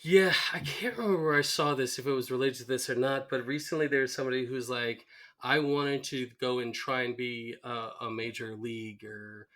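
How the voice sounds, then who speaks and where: A man's voice: medium pitch, normal speed. A man co-hosting a podcast in casual chat, retelling TV scenes with laughs and acting out the quoted lines. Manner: animated storyteller, acts out quoted lines with laughter. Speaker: podcast co-host. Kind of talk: casual chat recapping a TV episode.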